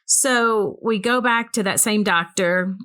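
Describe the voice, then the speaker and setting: A woman with a bright, clear voice tells a long personal story in easygoing conversation. She rambles, often saying "um" and "so anyway." She acts out the people she talks about with lively energy. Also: medium pitch, slow pace. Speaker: guest, ministry co-founder.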